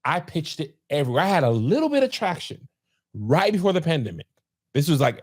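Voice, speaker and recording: Animated man telling a story. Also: fairly high pitch, brisk, husky. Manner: animated storytelling, acting out quotes. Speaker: podcast host. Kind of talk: casual chat.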